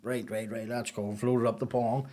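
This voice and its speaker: A man, a podcast guest telling a story in a casual, animated, profane and rambling way. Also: medium pitch, moderate pace.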